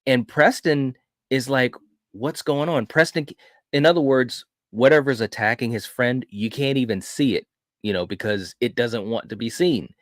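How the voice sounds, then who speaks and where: A man hosting a film review podcast, retelling a horror movie in an animated, casual way with frequent restarts. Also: mid-range voice, normal speed, no room sound, clean studio sound. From grew up in a city. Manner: animated storyteller, frequent restarts and "you know".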